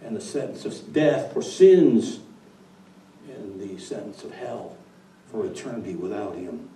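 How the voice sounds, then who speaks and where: A man preaching a dramatic storytelling sermon, swinging from hushed to loud, recorded in a church. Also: on the low side, animated, a little slow. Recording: echoey church from far off.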